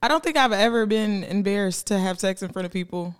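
A woman's voice: medium pitch, fast, smooth. A young woman co-hosting a casual, explicit podcast chat, telling stories with lots of laughter and acting out her friends in quotes. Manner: animated storyteller, voices friends in quotes, laughs often. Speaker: podcast co-host.

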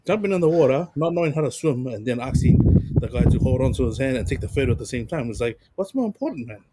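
A man with a New Zealand accent, co-hosting a podcast and telling funny stories in a relaxed, slangy way. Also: mid-range voice, fast, heavy background noise. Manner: laid-back storytelling with slang and chuckles. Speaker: podcast co-host. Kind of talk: casual chat.

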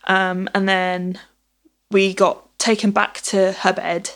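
A woman's voice: mid-range voice, level tone, slow, fairly bright tone. A woman telling a personal story in casual conversation, acting out the dialogue as she goes. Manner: chatty, acts out dialogue with "I was like".

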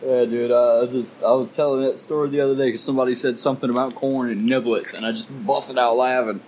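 A man's voice: medium pitch, steady tone, quick pace, darkish tone, a little hiss or hum. A man co-hosting a podcast in casual chat, laughing easily and retelling stories with gusto.

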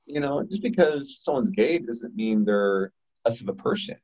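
A man's voice: mid-range voice, very animated, moderate pace, a little mellow. A man voicing his thirteen-year-old daughter, speaking in a sincere, matter-of-fact way. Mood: earnest. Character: thoughtful earnest thirteen-year-old girl. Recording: dull lo-fi audio.

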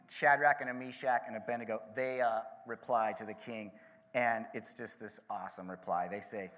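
A pastor giving a sermon, retelling a story casually with frequent asides. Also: male voice, on the low side, fairly even intonation, moderate pace, fairly bright tone.

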